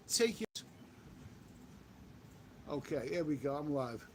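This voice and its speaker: A man's voice: a little high, very animated, normal speed, long pauses, a little hiss or hum. A man chatting casually on a live stream while out walking, reading viewer comments aloud and repeating himself. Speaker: travel vlogger reading live chat. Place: outdoors on a walk.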